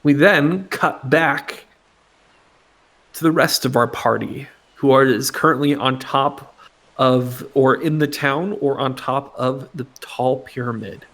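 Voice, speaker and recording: A man running a tabletop game as game master, narrating slowly with frequent pauses and fillers. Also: medium pitch, steady tone, fairly bright tone. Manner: slow, halting narration with fillers.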